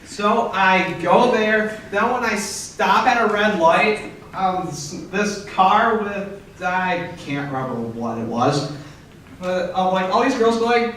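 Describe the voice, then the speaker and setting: Young man, stand-up comedian, slow deadpan delivery, far-off mic, faint room noise. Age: young adult. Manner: deadpan storytelling, jumps up high for quoted outbursts. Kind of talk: stand-up set. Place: comedy club stage. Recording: echoey club from far off.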